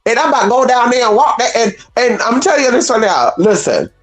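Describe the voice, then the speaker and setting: Animated, blunt spiritual livestream host. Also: fast talker, soft background music. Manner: animated, swinging from high exclamations to low asides; salty and blunt, swears freely. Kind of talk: casual livestream talk to viewers.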